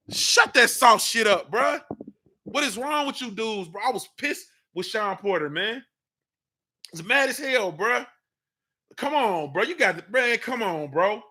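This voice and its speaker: High-voiced guy with aave, hosting a morning show, riffs on boxing, bright edge, keeps saying you feel me. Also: moderate pace. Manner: animated, slangy, repeats "you understand what I'm saying". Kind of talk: casual boxing talk monologue.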